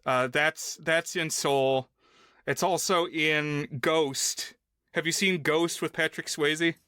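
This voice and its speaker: A man's voice: fairly high pitch, steady tone, slow pace, sharp tone, clean tone, no room sound, clean studio sound. A man co-hosting a film podcast, casually walking through a movie's plot and rules at length. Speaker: podcast co-host.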